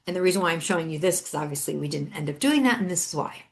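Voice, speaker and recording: A middle-aged woman, a podcast host and author, telling a story in a chatty, animated way and acting out the other people's lines. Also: low-pitched, very fast. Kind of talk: solo storytelling chat.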